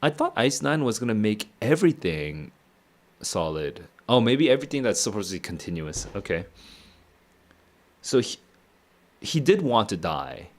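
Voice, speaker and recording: Deep-voiced man musing over a book. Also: sing-song, normal speed, long pauses. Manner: muses aloud, chuckles often. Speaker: streamer reading a novel aloud. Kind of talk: casual reading and reacting.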